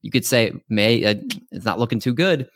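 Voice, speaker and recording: A man's voice: mid-range voice, animated, moderate pace, dry recording, clean studio sound. A man hosting a podcast, chatting casually with upbeat, hyped introductions over a remote call mic. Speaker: podcast host.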